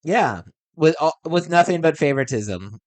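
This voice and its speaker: Male comedian guest, a touch higher voice, dry laid-back quips in casual chat. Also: animated, normal speed. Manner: wry, laid-back quips, laughs along.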